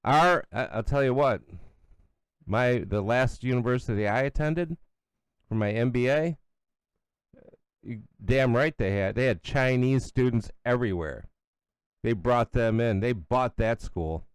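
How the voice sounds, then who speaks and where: Middle-aged male commentary host, blunt and sarcastic. Smooth, resonant voice, close and dry. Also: mid-range voice, unhurried, long pauses, no room sound. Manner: blunt, sarcastic, scornful, with asides and restarts. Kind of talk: opinionated solo commentary.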